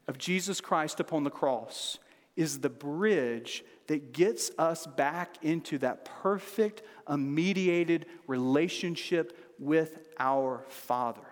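Pastor, male, 40s, earnest and fervent, slightly high voice, long hall reverb. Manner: earnest, building to fervent emphasis with repeated rhetorical questions. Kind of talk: sermon. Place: large church room with long reverb.

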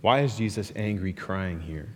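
A man's voice: sits low, expressive, normal speed, a little hiss or hum. A young man preaching a sermon, talking casually and animatedly, with lots of "like" and "right" as he tells stories. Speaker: pastor. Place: large hall with a live audience. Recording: hall reverb.

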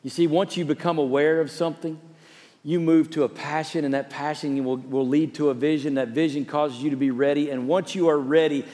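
A male pastor preaching a storytelling sermon, turning from emphatic to soft and hushed. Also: a little high, fairly even intonation, fairly quick, long reverb tail.

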